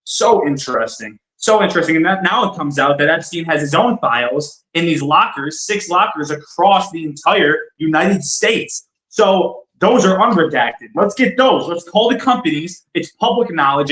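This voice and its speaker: A man's voice: on the high side, sharp tone. A man co-hosting a podcast, talking politics in a blunt, emphatic way and often repeating himself. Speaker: podcast co-host. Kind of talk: casual political discussion. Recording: roomy echo.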